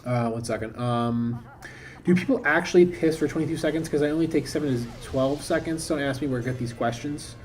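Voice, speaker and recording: A man's voice: mid-range voice, a little fast. A man streaming a game, chatting casually and thinking aloud in a rambling, self-interrupting way. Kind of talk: casual live-stream commentary.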